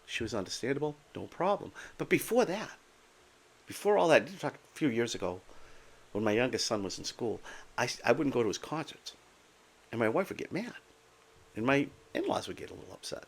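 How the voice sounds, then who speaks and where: A man's voice: medium pitch, very animated, a little fast. An older man talking candidly and plainly to camera about living with his condition, with blunt humor and frequent asides. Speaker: vlogger sharing his Meniere's experience. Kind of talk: casual personal talk to camera.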